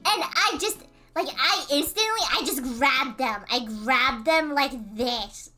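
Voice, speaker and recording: A woman streamer casually retelling a story in an animated way, full of fillers and quick laughs. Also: high-pitched, faint music behind.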